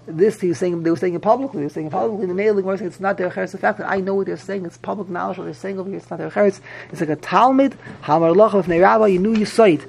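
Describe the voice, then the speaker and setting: A man's voice: high voice, racing, vocal fry, a little mellow, slight background noise. A man teaching a Talmud class, repeating himself animatedly and mixing English with Hebrew and Yiddish terms.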